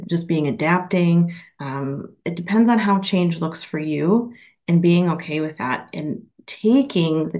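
A woman's voice: deep voice, a little mellow. A woman from Minnesota with a Minnesotan accent, a podcast guest talking earnestly in long winding sentences. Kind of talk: casual interview chat.

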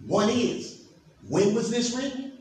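A pastor preaching a sermon, emphatic and asking the congregation questions. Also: male voice, extremely high pitch, takes it slowly. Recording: echoey hall from far off, faint noise.

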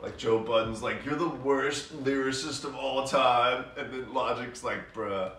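A man's voice: mid-range voice, fairly even intonation, a little slow, a bit bright. A man, joining a livestream chat with laid-back, joking banter. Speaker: co-host. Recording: roomy sound from a distant mic.

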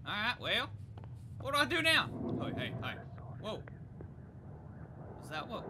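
A young woman gaming YouTuber giving excitable, chatty let's play commentary. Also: a little high, a little slow, noisy background. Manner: excitable, chatty, reacts out loud.

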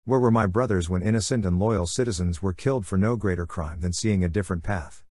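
A man voicing a scheming, silver-tongued male warlord in an audiobook, smooth and sarcastic with bursts of fury. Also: low voice, fairly quick, darkish tone, dry recording, studio quality. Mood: furious. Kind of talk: audiobook character voice.

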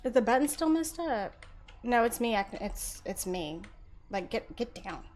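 A woman's voice: a little high, big pitch swings, moderate pace, slight background noise. Chatty young woman gaming. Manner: chatty, loud reactions, talks to chat. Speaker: streamer. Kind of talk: live horror game commentary.

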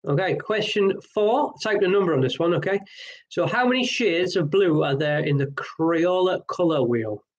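A man's voice: high voice, lively intonation, normal speed, muffled recording. A man hosting an online pub quiz, chatty and jokey with rambling asides. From Wales.

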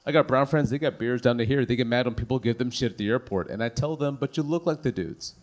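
A man performing stand-up comedy in a club, with an animated, punchy delivery full of rhetorical questions. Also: medium pitch, fast talker, noisy background.

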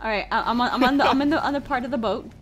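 A high-pitched woman chatting through a game with lots of excited exclamations and playful storytelling. Her recording carries a faint layer of background noise. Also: racing. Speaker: gaming video host. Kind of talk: casual gameplay commentary.

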